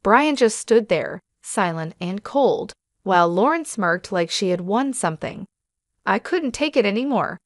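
A woman reading a first-person story aloud as narrator, in a steady, even storytelling manner. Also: mid-range voice, unhurried, no room sound, studio quality.

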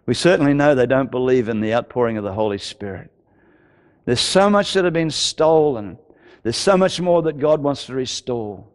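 An older Australian pastor preaches passionately in church, telling his story with repeated words for emphasis and the occasional stammer. His medium-pitched voice is expressive, at normal speed.

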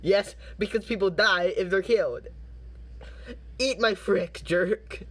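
High-voiced man, slow deadpan reader. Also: slight background noise. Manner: deadpan reading broken out by laughing fits. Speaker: commentary video host. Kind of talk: reading posts aloud with jokey commentary.

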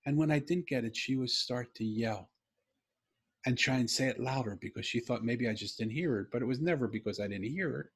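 A man's voice: medium pitch, fairly quick, breathy edge. A middle-aged man, a podcast guest, telling a personal story in an earnest, heartfelt, emphatic way.

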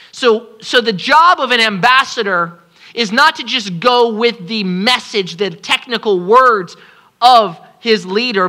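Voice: mid-range voice, sharp tone. A pastor preaching a sermon at a congregation service, impassioned and pleading, repeating phrases for emphasis.

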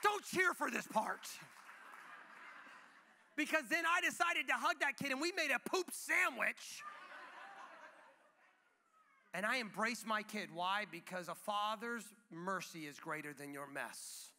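A man in his thirties preaching a sermon in a church, telling a playful family story in an animated way. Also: sits high, normal speed, hardly any pauses, in a large hall, some chatter behind, slight background noise. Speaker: pastor. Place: church auditorium.

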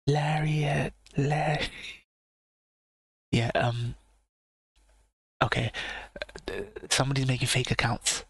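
A man hosts a late-night live stream, keeping his voice hushed and low, just short of a whisper, while he rants bluntly and swears. His voice is husky and stays flat in pitch. It sits close and dry on a mic with the gain turned up. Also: dry recording. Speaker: live-stream reaction host. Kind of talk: late-night livestream chat. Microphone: sensitive mic with gain turned up.

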